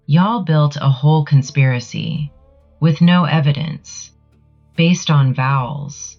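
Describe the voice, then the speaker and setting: A woman's voice: deep voice, slow, a little mellow, highs cut off, soft background music. A woman with a Southern US accent giving a sassy, emphatic commentary monologue to camera. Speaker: channel creator.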